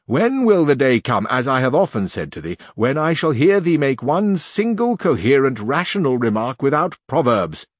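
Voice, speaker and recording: A man's voice: mid-range voice, sing-song, moderate pace, hardly any pauses, no room sound, clean studio sound, pitched above the performer's own voice. A man voicing a lofty, indignant old knight who declaims in archaic, scolding tones.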